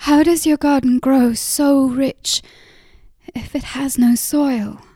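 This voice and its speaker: A woman in a whispered role-play, voicing a lost, desperate young woman who speaks haltingly and urgently. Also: on the high side, steady tone, warm tone, slightly rough, no echo.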